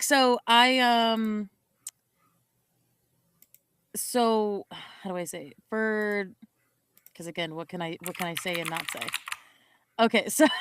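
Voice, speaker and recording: A woman's voice: fairly high pitch, a bit bright, clean tone. A young woman co-hosting a podcast, chatting casually in a rambling, giggly way and correcting herself often. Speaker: podcast co-host. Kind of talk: casual chat.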